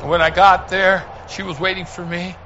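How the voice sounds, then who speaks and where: A man preaching a sermon, telling a story in an impassioned, pleading way that swings from hushed telling to shouting. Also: high-pitched, flat delivery, moderate pace, muffled recording, slight background noise.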